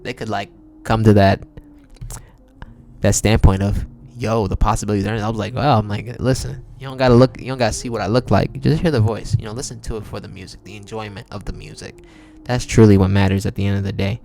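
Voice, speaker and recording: A man's voice: lowish voice, little pitch movement, fast, gravelly, darkish tone, slight background noise. A man hosting his own podcast, talking in a laid-back, chatty way with slang and frequent laughs. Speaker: podcast host and singer. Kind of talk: casual solo podcast monologue.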